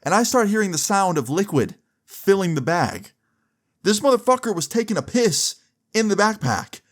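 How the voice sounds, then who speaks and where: A man's voice: high-pitched, big pitch swings, moderate pace. Young man telling a crude casual story. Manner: crude, casual, many "like" fillers.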